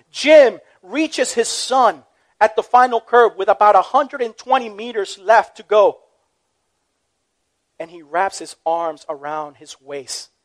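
High-voiced earnest male preacher. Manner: earnest, emphatic storytelling preacher. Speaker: pastor. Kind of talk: sermon.

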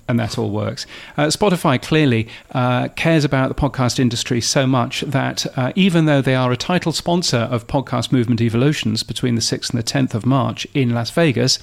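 A man co-hosting a podcast, talking casually with lots of ums and restarts. His voice sits in a middle pitch and has a gravelly edge. He teases himself dryly as he talks. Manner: chatty, self-mocking, many fillers and restarts. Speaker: podcast co-host.

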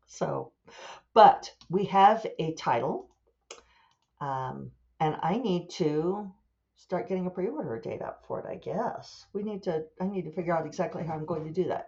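An author and podcast host, a woman with a lowish, slightly mellow voice, chats casually on her own over lo-fi sound. She rambles as she thinks aloud, amused by her own asides.

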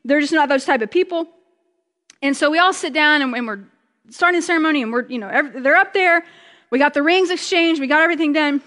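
High-voiced woman preaching in a reverberant hall. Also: fast, a bit bright. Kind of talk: conversational sermon.

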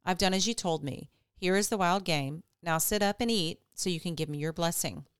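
A woman reading the lines of a younger son deceiving his father, calm and assured. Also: on the low side, fairly quick, smooth, no room sound, studio quality, lightly acted. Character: scheming younger son Jacob, deceptive.

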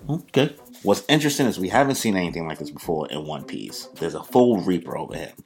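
A man's voice: deep voice, expressive, fast talker, creaky, faint music behind. A man hosting a manga reaction video, reading panels aloud with loose, slangy asides. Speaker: manga reaction channel host. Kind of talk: casual reaction and read-aloud.

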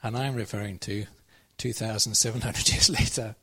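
A man's voice: lowish voice, steady tone, moderate pace, fairly bright tone, breathy edge. A man preaching a conversational sermon, telling a Bible story and checking in with his listeners. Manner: conversational, asks the audience questions.

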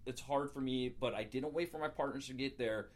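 A man telling his own story as an interview guest, earnest and halting, with frequent restarts. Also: mid-range voice. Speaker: guest, former police officer. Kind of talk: personal storytelling.

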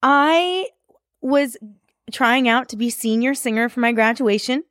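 A woman's voice: fairly high pitch, unhurried, fairly bright tone, no room sound, clean studio sound. Playful, chatty woman podcast host. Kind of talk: conversational podcast interview.

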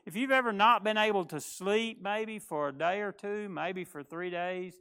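A man's voice: high voice, normal speed, pushed and bright, clean tone. A pastor giving a folksy, conversational sermon, often restarting his words.

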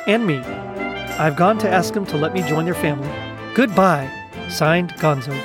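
A man voicing an eccentric, excitable male Muppet who talks earnestly and stammers when cold. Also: a little high, a little slow, over music, close to an everyday voice.

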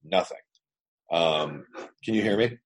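Low, husky-voiced man telling his story. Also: expressive, a little slow. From Canada. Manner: blunt, profane, emphatic. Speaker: business owner, interview guest. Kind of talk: casual storytelling. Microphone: remote internet call.

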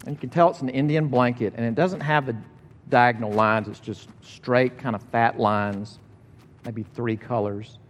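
A middle-aged man preaching a sermon, conversational and animated as he tells a story. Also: medium pitch, normal speed. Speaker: pastor. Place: church sanctuary. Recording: long reverb of a large hall.

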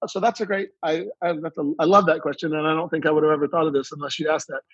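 Brief: male entrepreneur guest, husky tone, repeats words mid-thought, dull dry recording. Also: fairly high pitch, steady tone, fast, a bit bright, no echo. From Louisiana. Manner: storytelling, repeats words when starting thoughts. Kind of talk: conversational interview.

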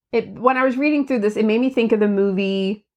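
Woman, 30s, podcast co-host. Casual faith talk, lively and expressive, fairly high voice. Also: fairly quick, dull audio. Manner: animated, acts out her own frustrated lines.

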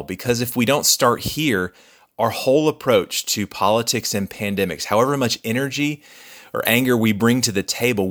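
Male pastor, sermon, earnest, measured delivery, lowish voice. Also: a bit bright. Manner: earnest, measured, repeats key phrases.

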